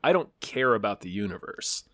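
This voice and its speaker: A man's voice: fairly low pitch, big pitch swings, fairly quick, bright, forceful tone, no echo, clean studio sound. A man co-hosting a casual movie podcast, talking in a hesitant way with many restarts. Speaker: podcast co-host.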